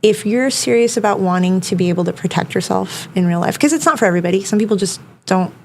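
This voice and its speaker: A woman's voice: medium pitch, quick pace, a little mellow, a little hiss or hum. A woman self-defense instructor talking casually as a podcast guest, filling her speech with "like" and "you know.". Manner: chatty, many fillers like "like" and "you know".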